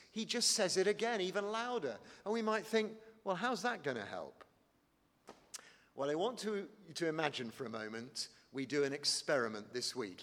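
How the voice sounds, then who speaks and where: A man preaching a sermon in a church, animated and conversational, calling his listeners friends. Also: high-pitched, long reverb tail.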